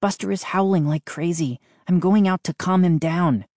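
A woman's voice: fairly low pitch, moderate pace, a little mellow, no room sound, clean studio sound, pitched above the performer's own voice. A woman voicing an anxious, kind young boy who talks in urgent whispers.

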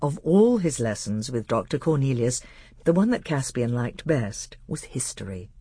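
A narrator reading a children's fantasy novel aloud in an expressive, animated storytelling manner. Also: mid-range voice, moderate pace, breathy edge, dry recording.

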